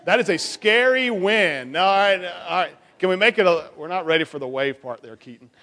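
A man's voice: high voice, lively intonation, moderate pace, pushed and bright. A man leading a children's sermon in a church, coaxing and playful with the kids. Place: church sanctuary. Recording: long church reverb.

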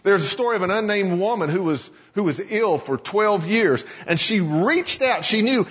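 Male pastor delivering a sermon, husky and animated, in an echoey church. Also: sits high, normal speed, hardly any pauses. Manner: storytelling, dramatizing scripture. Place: church sanctuary. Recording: echoey church sanctuary, dull lo-fi sound.

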